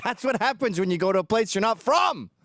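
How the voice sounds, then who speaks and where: A man's voice: high-pitched, expressive, a little fast, a bit bright, no echo, clean studio sound. A man from England hosting a commentary show, reacting to video clips in a crude, sarcastic and mocking way. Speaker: host.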